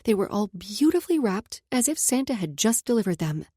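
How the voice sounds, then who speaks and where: A woman's voice: medium pitch, very animated, brisk, warm tone, husky, dry recording. A woman narrating a romance audiobook in an intimate first-person voice that drops to a whisper in close passages.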